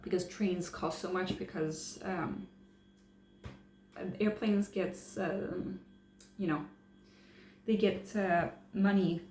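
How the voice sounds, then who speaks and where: A travel vlogger with a lowish, darkish voice chats to camera in a casual, hesitant way, her speech full of fillers and restarts. The sound is echoey, as if in a large room, with a faint hum.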